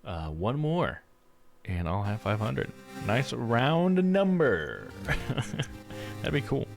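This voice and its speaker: A man's voice: mid-range voice, slow, gravelly. Guy streaming a game live, swears a lot, laughs, voice jumps all over, faint music behind. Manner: swears and laughs often, lively reactions. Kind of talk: casual live-stream chat.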